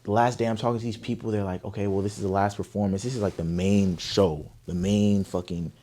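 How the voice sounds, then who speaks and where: A young man from Oakland, telling a story in an interview, animated, profane and emphatic. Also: fairly low pitch, a little fast. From Oakland, California. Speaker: guest artist.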